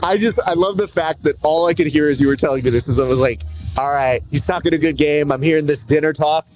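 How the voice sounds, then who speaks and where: A man's voice: a little high, fast talker, soft background music. A man from Southern California interviewing a fighter in casual, joking banter full of slang. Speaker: interviewer, executive producer.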